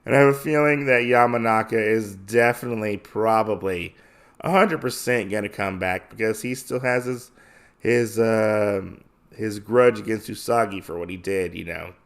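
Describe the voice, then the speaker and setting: A man's voice: lowish voice, normal speed. A man hosting a podcast, casually recapping a comic issue with enthusiasm and lots of filler words. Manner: enthusiastic, rambling with many fillers. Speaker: podcast host.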